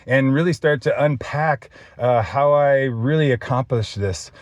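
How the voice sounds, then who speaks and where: A man's voice: medium pitch, measured pace, no echo, lo-fi sound. Chatty, teary man vlogging. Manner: chatty, rambling, says "dude" a lot. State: teary, choked up. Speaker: fitness vlogger. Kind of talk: off-the-cuff emotional vlog.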